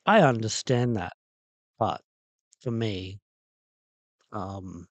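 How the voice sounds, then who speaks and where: A man's voice: on the low side, very slow, no echo. A man hosting a casual livestream about doll restoration, talking in a rambling, hesitant way with many ums and uhs. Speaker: toy restoration livestream host. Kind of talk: casual livestream chat reacting to a video.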